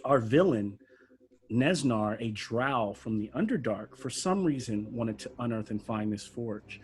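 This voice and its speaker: A man narrating a tabletop game as game master over a video call, halting with many fillers and restarts. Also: medium pitch, lively intonation.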